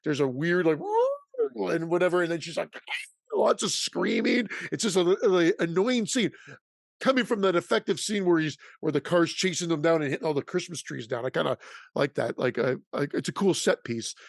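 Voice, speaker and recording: Male podcast co-host, a bit high, dry close sound, rambling casual delivery. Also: normal speed, gravelly, no echo. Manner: rambling, restarts, laughs easily. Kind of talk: casual chat.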